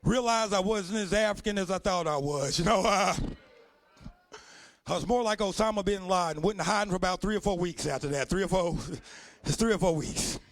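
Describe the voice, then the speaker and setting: A man performing a loud, profane stand-up comedy set on a club stage. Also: sits high, normal speed. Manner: loud, profane storytelling with put-on voices.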